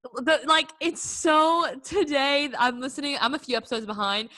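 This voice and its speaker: A woman's voice: sits high, normal speed, sharp tone, dry recording. A young woman co-hosting a podcast, telling a story in casual chat, filling her talk with "like". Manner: chatty storyteller, heavy use of "like". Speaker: podcast co-host.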